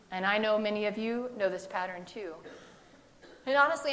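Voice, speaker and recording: Woman preacher, conversational sermon, slightly higher voice, acts out quotes with humor. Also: fairly bright tone, a little hiss or hum.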